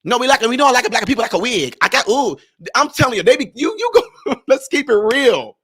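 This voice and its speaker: A man's voice: very high voice, big pitch swings, a little fast, pushed and bright, slightly rough. A man giving emphatic, conversational commentary in a vlog, speaking directly to his viewers.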